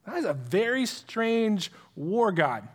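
A man teaching the Bible in a conversational, animated way, throwing out rhetorical questions to his listeners. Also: high-pitched, slow pace. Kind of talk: conversational sermon-style teaching. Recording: long hall reverb.

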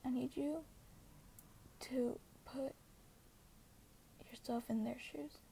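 A teenage girl vlogs in a casual, earnest monologue, hesitating often and dropping to a breathy half-whisper. Her voice sits a bit high but mellow, with plenty of vocal fry. A faint hiss of noise runs under it. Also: steady tone, slow pace. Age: teens. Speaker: social media poster.

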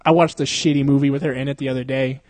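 A man's voice: medium pitch, flat delivery, racing, a little mellow, dry recording. A young man hosting a podcast in casual chat, swearing and laughing often as he jokes around. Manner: crude, joking, laughs often, swears a lot. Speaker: podcast host.

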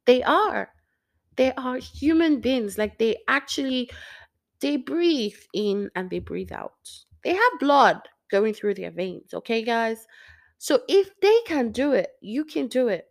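A woman's voice: fairly high pitch, sing-song, slow. A young woman talking casually to listeners about faith, rambling and correcting herself, sometimes dropping to a near-whisper. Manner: rambling, self-correcting, laughs often, drops to near-whisper. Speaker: Christian speaker.

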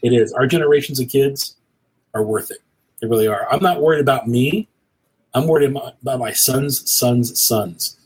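A man's voice: medium pitch, brisk, long pauses, a little mellow, breathy edge, rough recording. A middle-aged man talking earnestly and rambling a little, like a preacher, as a guest on a cigar show. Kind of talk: casual conversation.

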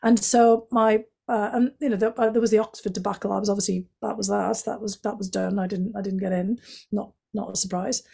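A woman from Northeast England with a Northeast English accent, a guest telling stories from her life in a chatty way, full of "you know" and lively quotes of other people. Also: mid-range voice, fairly quick, gravelly, slightly rough. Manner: chatty, many "you know" fillers, animated quoting of others. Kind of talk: reflective storytelling in conversation.

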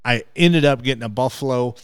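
Lively man telling a hunting story. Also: medium pitch, fairly quick, clean tone, dry recording, studio quality. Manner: restarts and repeats words when excited. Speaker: hunting show host, interview guest. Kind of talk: animated storytelling.

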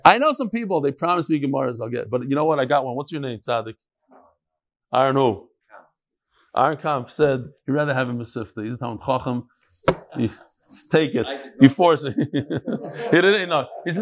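In a room with a live study group, a man runs a relaxed daily Talmud class, chanting the Aramaic text and unpacking it in conversational English. His voice is medium-pitched and fairly bright, his intonation lively and his pace fairly quick, and he jokes and squabbles with the students.

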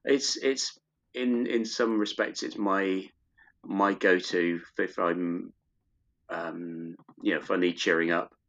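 Give me a middle-aged podcast guest, a man with a low voice who rambles and restarts, recorded on a muffled, lo-fi line. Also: steady tone, slow, a bit bright. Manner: rambling, many restarts, fond enthusiasm. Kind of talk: casual chat. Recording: dull lo-fi recording.

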